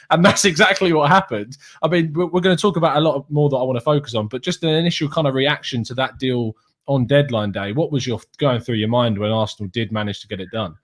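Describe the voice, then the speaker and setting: A man hosting a casual football podcast, chatty and quick to laugh. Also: medium pitch. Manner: chatty, laughs easily, friendly British banter. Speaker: podcast host. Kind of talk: casual chat.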